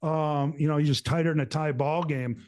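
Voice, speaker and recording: Animated rambling man, higher voice. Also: moderate pace. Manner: rambling, animated, acts out quotes. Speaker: show host. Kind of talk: casual storytelling to co-hosts.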